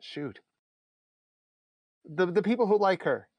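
A man's voice: high-pitched, animated, takes it slowly, a little mellow, no room sound. Guy laughing a lot while chatting on a podcast, rambly, dry close sound. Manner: laughs often, rambling with restarts. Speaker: podcast guest. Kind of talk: casual chat.

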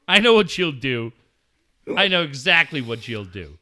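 A man hosting sports radio in a loud, profane rant, full of blunt jabs at his listeners. His voice sits high and swings wildly up and down, with a bright, cutting edge. It sounds like a studio mic. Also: big pitch swings, moderate pace. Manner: loud, blunt and swearing, with mocking asides.

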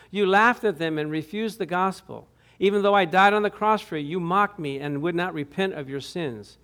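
A man voicing Jesus as a grave, sorrowful judge, measured and hushed, in a higher-pitched voice.

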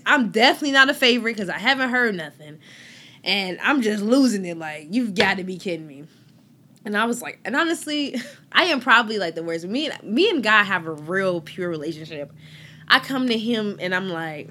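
A woman hosting a faith podcast talks casually in a voice of middle pitch that swings widely up and down. She acts out quoted conversations, drops almost to a whisper and then rises to loud exclamations. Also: a little fast. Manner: animated storytelling, acting out quoted exchanges. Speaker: podcast host.

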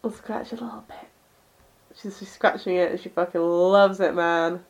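A woman's voice: on the low side, fairly even intonation, moderate pace. A woman co-hosting a casual podcast chat, giggling as she reads comic panels aloud. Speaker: podcast co-host.

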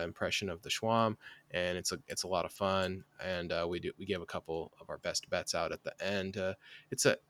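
A man with a notably deep voice hosts a sports podcast in loose, rambling chat. He talks in a self-deprecating way and leans on fillers. The sound is close and dry. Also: fairly bright tone, no room sound. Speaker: podcast host. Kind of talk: casual sports chat and sponsor read.

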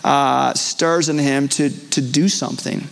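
Pastor guy preaching live, kinda raspy, talks casual with lots of uhs, echoey sanctuary. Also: mid-range voice, steady tone, measured pace. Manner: earnest, conversational, with frequent fillers and restarts. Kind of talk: sermon. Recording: long church hall reverb.

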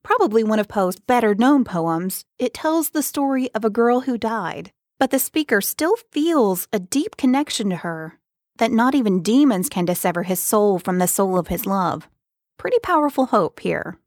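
A woman's voice: medium pitch, animated, normal speed, darkish tone, dry recording. Woman casually introducing poems, dry sound. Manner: plain, conversational commentary.

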